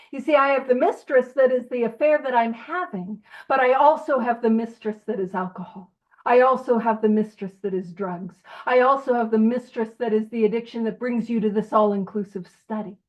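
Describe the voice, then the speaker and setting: A woman leading a recovery book study group, teaching in a casual, playful way and laughing often. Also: high-pitched. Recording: dull lo-fi audio.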